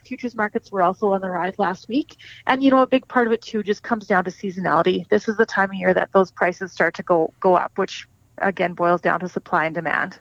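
A woman's voice: medium pitch, a little fast, no echo. Female livestock specialist, matter-of-fact explainer, dry muffled recording. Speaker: provincial cattle specialist interviewed. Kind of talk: casual explanatory talk.

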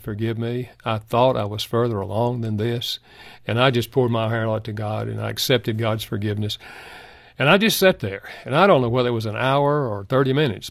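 Older man, gravelly voice, dry studio sound, earnest storytelling, radio interview guest. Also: medium pitch, a bit bright, no echo. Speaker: guest counselor. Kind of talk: radio interview, Christian advice.

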